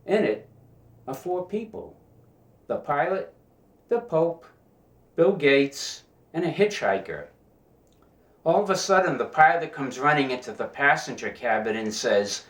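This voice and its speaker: A man telling jokes in a casual, animated way, in a fairly roomy recording. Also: fairly high pitch, unhurried, pauses often. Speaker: joke teller. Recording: roomy echo.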